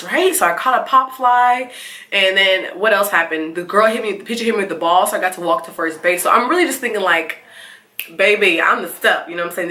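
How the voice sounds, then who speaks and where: A young woman telling a storytime vlog, animated and laughing, acting out the quotes in squeals. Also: mid-range voice, reverberant. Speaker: vlogger. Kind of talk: casual storytime.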